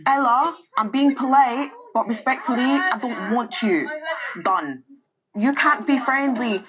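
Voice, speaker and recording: A woman's voice: a little high, a little slow, crowd noise, close to an everyday voice. A woman acting a bossy young woman who bluntly coaches a friend, sassy and swearing, in a comedy skit. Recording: lo-fi clip over loud music.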